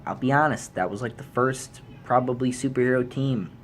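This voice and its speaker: A man vlogging an angry movie rant, swearing freely and jumping into high yells when outraged. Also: a little fast, slight background noise. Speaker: YouTube vlogger.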